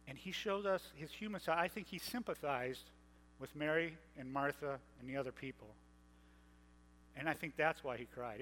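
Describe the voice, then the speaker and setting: A man's voice: on the high side, fairly bright tone, in a large hall, poor audio. A man preaching a sermon, retelling scripture in a conversational way and slipping into playful modern paraphrases.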